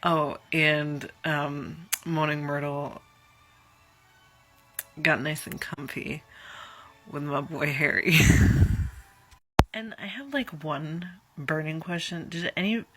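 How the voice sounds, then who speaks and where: A young woman in her twenties talks through a casual reaction vlog with a low, unhurried voice. She is chatty and dramatic, with giggly asides, and sounds worn out and tired. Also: bright, forceful tone, soft background music. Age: 20s. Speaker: vlogger.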